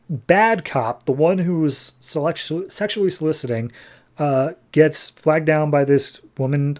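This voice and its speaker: A man's voice: a little high, a little mellow. A man hosting a podcast, casually retelling a comic book plot and paraphrasing the characters with lots of "he's like". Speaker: podcast host.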